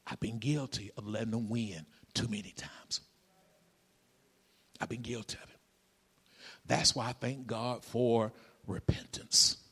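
A man preaching a sermon in a Southern Black church style, dropping to whispers and rising to shouts. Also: fairly high pitch. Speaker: pastor. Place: church sanctuary. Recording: reverberant hall.

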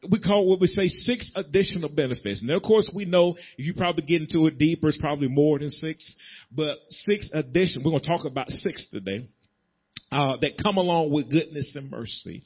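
Husky, high-pitched male preacher, driving rhythmic call-and-response, dull muffled recording. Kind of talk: sermon.

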